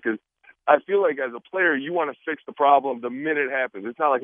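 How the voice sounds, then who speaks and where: A man's voice: mid-range voice, quick pace. A man, a football player, joking and acting out quotes in a casual radio interview. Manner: animated, joking, acts out quotes. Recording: tinny phone line.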